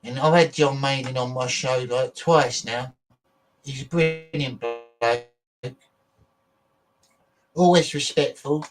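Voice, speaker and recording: A man's voice: mid-range voice, fairly even intonation, takes it slowly, pauses often, over music. Blunt, sweary man on a choppy stream. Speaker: show host. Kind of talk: casual livestream chat. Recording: distant, choppy internet audio.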